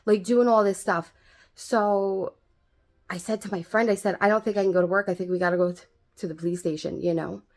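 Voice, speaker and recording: A woman's voice: mid-range voice, fairly even intonation, a little fast, darkish tone. A young adult woman telling a story in a casual vlog, rambling with lots of fillers and swearing freely.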